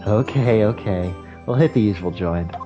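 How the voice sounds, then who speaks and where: A man voicing a calm, composed woman lawyer with a measured, reassuring way of speaking. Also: on the low side, music in the background, close to an everyday voice.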